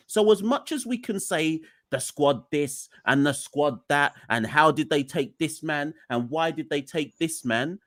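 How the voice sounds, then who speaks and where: A man co-hosting a cricket podcast, ranting with animated exasperation and pushing his voice toward near shouts. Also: a little high, no echo, studio quality. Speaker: podcast co-host. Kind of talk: heated cricket podcast rant.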